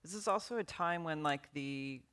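A woman with a fairly low voice hosts the interview. She asks questions in a conversational way and answers her guest with brief, attentive replies. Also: normal speed, a bit bright.

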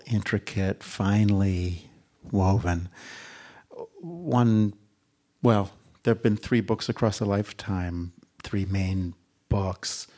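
A man introducing an author onstage, speaking slowly and deliberately, stretching words and sinking to a near-whisper for emphasis. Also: on the low side, a little mellow. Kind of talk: reflective spoken introduction.

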